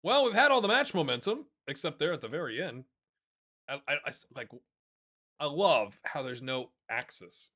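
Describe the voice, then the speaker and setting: Lively bright-voiced man commentating a game. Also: on the high side, normal speed. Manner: excitable, chatty, talks to viewers and players as lads. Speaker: gaming YouTuber. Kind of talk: casual let's-play commentary.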